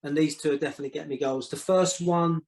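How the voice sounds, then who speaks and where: A man tells stories as a podcast guest in a fairly high voice. His delivery is casual and animated. He stumbles and repeats words, and he slips into the voices of other people as he goes. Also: fast talker, poor audio. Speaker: guest, former football manager. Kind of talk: casual storytelling.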